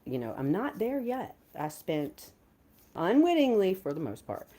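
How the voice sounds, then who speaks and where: Chatty woman livestreaming, lively pitch. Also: unhurried. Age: 50s. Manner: chatty, greets viewers with bursts of excitement. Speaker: livestream host. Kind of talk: casual livestream chat.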